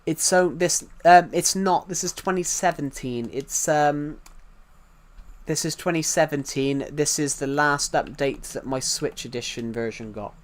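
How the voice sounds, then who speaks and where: A man's voice: on the high side, a little slow. A British man chatting casually on a live stream while playing, rambling and repeating himself as he answers viewers' chat. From United Kingdom.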